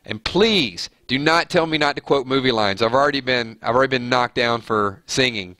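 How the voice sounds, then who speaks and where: A man's voice: mid-range voice, moderate pace, sharp tone, dry recording, clean studio sound. A man with a nasal voice hosting a live stream, chatting casually and reading viewer comments aloud with easy laughs.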